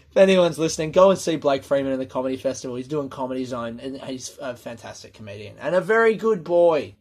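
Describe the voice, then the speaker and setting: A man's voice: medium pitch, fairly quick. A young man, a comedian, telling rambling, profane stories in a casual monologue. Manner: rambling, profane, animated storytelling.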